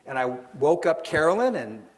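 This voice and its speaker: A man's voice: on the high side, big pitch swings, moderate pace. A middle-aged man, an author and seminar speaker, telling a story to a live audience and acting out the voices in it. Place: event hall with an audience.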